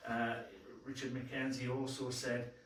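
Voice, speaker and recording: A man's voice: mid-range voice, flat delivery, unhurried, crowd noise. A man giving a councillor's report at a council meeting, speaking in a plain, colloquial way. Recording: very echoey room, distant mic, faint noise.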